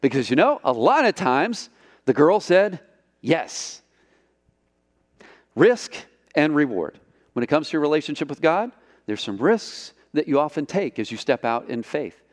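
Animated male pastor in a reverberant hall. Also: on the high side, measured pace, long pauses. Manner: animated storytelling, acts out quotes. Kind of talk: sermon.

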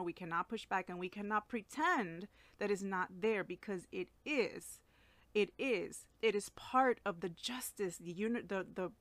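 A woman's voice: medium pitch, a bit bright, no room sound. A woman shares a personal devotional talk as a Christian teacher. She speaks earnestly and casually, with frequent fillers and false starts. Her voice sits mid-range and the recording is dry and close.

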